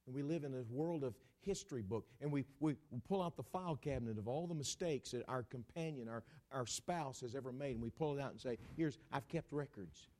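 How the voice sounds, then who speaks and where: A man's voice: medium pitch, animated, quick pace, hardly any pauses, darkish tone. A man preaching a sermon, emphatic and repetitive, with a playful streak.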